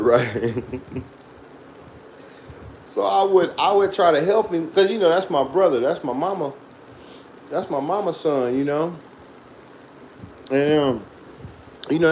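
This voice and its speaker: A man's voice: medium pitch, a little mellow, slight background noise, rough recording. A man casually telling a profane childhood story, laughing often as he goes. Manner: loose, profane, laughs through his story.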